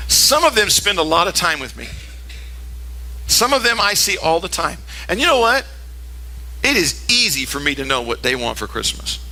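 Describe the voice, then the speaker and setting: An older man preaching a sermon as a pastor, telling a story with lively, acted-out character voices. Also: rough recording. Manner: animated storytelling, acting out characters in high voices.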